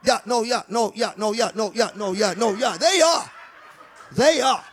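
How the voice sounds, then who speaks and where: A man doing a brash, gravelly Boston townie boss. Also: high voice, normal speed, a bit bright, a little hiss or hum. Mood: blustering. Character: rowdy male Boston townie ringleader, blustering, profane.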